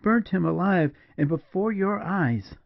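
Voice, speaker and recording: A man's voice: mid-range voice, moderate pace, no room sound, natural voice. A man putting on a distraught young lady. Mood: horrified. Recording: dull, dry lo-fi recording.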